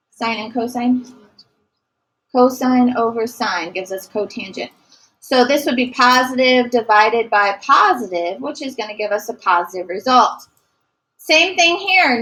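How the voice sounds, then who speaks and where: Woman math teacher, high bright voice, asks and answers her own questions. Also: low-quality recording. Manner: asks questions and answers them herself, praising. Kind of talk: recorded classroom math lesson.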